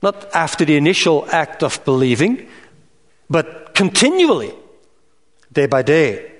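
A man preaching a sermon in an earnest, measured way, rising in pitch on emphatic lists. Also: big pitch swings. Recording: reverberant hall sound.

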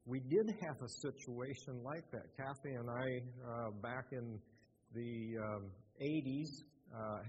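An older man preaching in a church, halting with many fillers and restarts. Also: medium pitch, slight background noise. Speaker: lay preacher. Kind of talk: sermon. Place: church sanctuary. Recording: muffled, with a long hall echo.

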